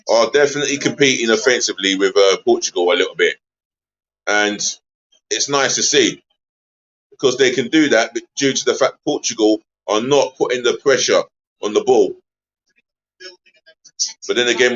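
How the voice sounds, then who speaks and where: A man hosting a live football watch-along stream, chatty and easily exasperated, giving viewers shout-outs. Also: medium pitch, lo-fi sound.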